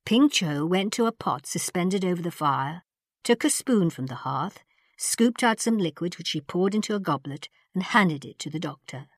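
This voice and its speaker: A woman reading a novel aloud in even, unhurried narration. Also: lowish voice, dry recording, studio quality. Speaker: audiobook narrator. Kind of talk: scripted narration.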